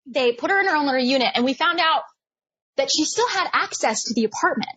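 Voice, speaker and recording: A young adult woman telling a story as a guest, animated and laughing often. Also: high voice, fast, no echo, highs cut off. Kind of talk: casual storytelling.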